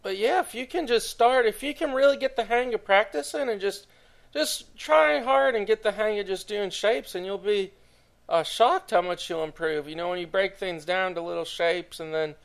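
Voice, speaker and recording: A man's voice: high voice, vocal fry, clear, resonant tone. A young man casually narrating a drawing tutorial, chatty and enthusiastic, talking straight to his viewers.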